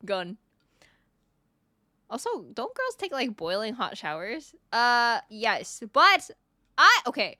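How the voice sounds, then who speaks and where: A woman's voice: on the high side, big pitch swings, slow pace, bright, forceful tone, dry recording, studio quality. A young woman VTuber streamer chatting casually with her viewers, playful and giggly. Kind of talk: casual stream chat reading viewer messages.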